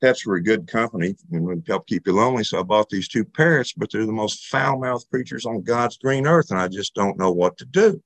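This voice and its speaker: A man's voice: on the low side, lively intonation, brisk, few pauses. A man telling a joke, voicing a lonely, God-fearing elderly widow in a fretful, earnest way. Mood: upset.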